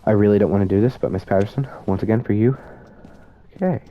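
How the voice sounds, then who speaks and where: Talking at a quick pace in a lowish voice, a student gamer nervously jokes at his own expense while playing a horror game for viewers. The dull lo-fi recording carries a little hiss or hum.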